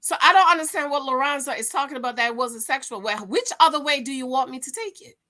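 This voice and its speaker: Bright, animated woman gossiping. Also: high voice, fast. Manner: animated, gossipy, calls viewers "girl". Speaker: reality show reviewer. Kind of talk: casual recap chat to viewers.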